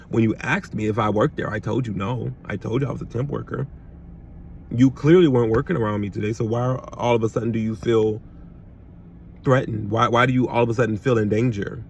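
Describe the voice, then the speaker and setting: A man's voice: medium pitch, a little fast, vocal fry, slight background noise. A man telling an angry storytime rant about being treated unfairly at work, emphatic and swearing, stumbling over repeated words as he gets heated. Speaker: temp worker telling a story.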